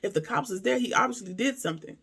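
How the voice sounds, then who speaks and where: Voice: mid-range voice, lively intonation, quick pace, creaky, a bit bright, breathy edge. A TV episode reviewer giving a casual recap and commentary, emphatic and talking straight to viewers with rhetorical questions.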